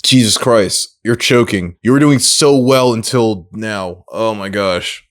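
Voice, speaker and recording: A man's voice: lowish voice, slow. Man thinking aloud over a trivia game. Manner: thinks aloud, self-mocking, excitable exclamations. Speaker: gaming creator. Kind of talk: casual gameplay commentary.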